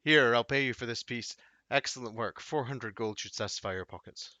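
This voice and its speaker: A man voicing a scheming middle-aged brothel madam who bargains smoothly and sounds pleased with herself. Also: mid-range voice, normal speed, bright, forceful tone, no echo, lightly acted. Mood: smug. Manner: smooth, self-satisfied bargaining. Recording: dull dry audio.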